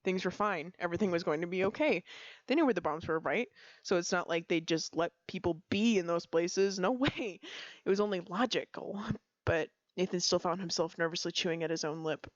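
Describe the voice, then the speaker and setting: A woman's voice: lowish voice, a little fast, dry recording, muffled recording. A woman casually reading roleplay stories aloud on a stream, often breaking into giggles. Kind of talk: casual read-aloud storytelling.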